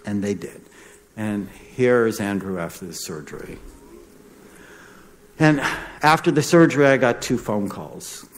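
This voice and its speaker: A man's voice: lowish voice, a little slow, pauses often. A middle-aged man, a doctor, giving a storytelling talk and acting out the voices of the people in it. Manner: animated, acts out the voices in his stories. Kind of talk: storytelling lecture.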